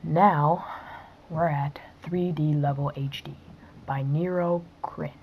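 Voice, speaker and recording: A woman recording let's-play commentary who breaks into sudden excited yelps and mutters whispered asides under her breath. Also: sits low, takes it slowly, narrow, tinny audio, a little hiss or hum. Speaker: gaming video host.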